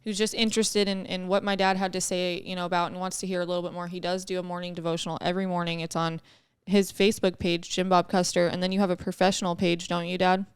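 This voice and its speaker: Woman, young adult, co-host, chatty, upbeat, crisp clear voice, dry sound. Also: lowish voice, level tone, fast talker, no echo. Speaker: podcast co-host. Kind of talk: casual podcast chat.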